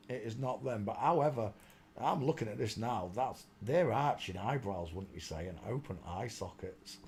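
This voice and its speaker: A man's voice: mid-range voice, darkish tone. A man hosting a casual live stream, rambling, mocking and often breaking into laughter.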